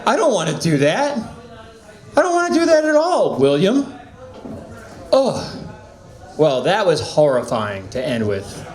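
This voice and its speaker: A man's voice: fairly high pitch, wildly swooping pitch, a little slow, pauses often, a faint crowd. A male open-mic host giving wry, mock-disgusted banter before bringing up the next comic. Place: small comedy venue, echoey room. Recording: echoey room.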